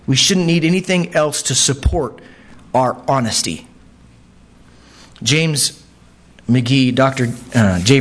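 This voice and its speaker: A man delivers a sermon at an unhurried pace, his voice sitting somewhat high for a man. He keeps it conversational, peppering his teaching with quick asides to the congregation. When he quotes scripture his pitch climbs sharply. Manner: conversational, frequent asides like "right?" and "okay?"; animated, pitch jumps when quoting. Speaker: pastor.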